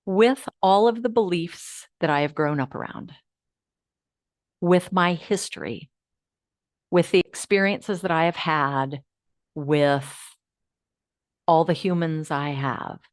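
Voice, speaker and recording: A woman hosting a live online class, guiding listeners through affirmations in a coaching manner that moves between hushed and lively. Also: low voice, slow, pauses often, dry recording, clean studio sound. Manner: warm coaching, swings from hushed to animated. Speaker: host of an uplift program.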